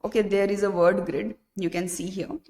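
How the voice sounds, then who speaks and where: A woman's voice: mid-range voice, steady tone, normal speed, darkish tone, long reverb tail. A woman teacher patiently walking pupils through a workbook lesson, spelling out letters, listing words one by one and checking in with "right?".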